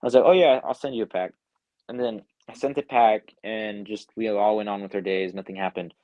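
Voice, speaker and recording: Young man telling a story, low voice. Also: fairly quick, no echo, lo-fi sound. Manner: animated retelling, acts out quotes, says "like" often. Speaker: music producer, guest. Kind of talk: casual storytelling in an interview. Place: home, online live interview. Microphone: video call.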